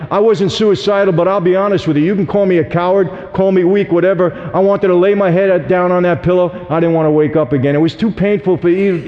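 A man tells his life story to an audience with earnest emphasis, addressing the listeners directly. His voice sits a little high. The lo-fi recording sounds dull and rings with the long reverb of a large hall. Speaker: speaker giving a testimony. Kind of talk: personal testimony to an audience.

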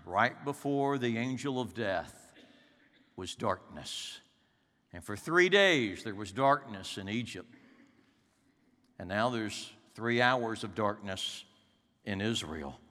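A man preaching a sermon, swinging dramatically between loud peaks and hushed, quiet lows. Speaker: pastor. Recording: long hall reverb.

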